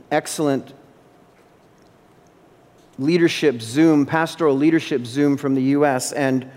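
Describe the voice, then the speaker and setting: A man's voice: a little high, darkish tone. A male pastor delivering an emphatic sermon in a church, repeating phrases for stress. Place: church sanctuary. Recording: long hall reverb.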